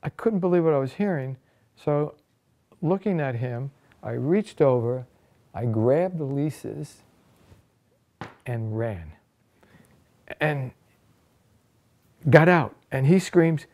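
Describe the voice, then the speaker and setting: A man with a mellow, soft-edged voice recounts a personal anecdote in the first person. He tells it as an animated storyteller, pushing his voice higher and louder as the tension builds. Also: slow, long pauses. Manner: animated storyteller, voice rises and gets louder at dramatic moments.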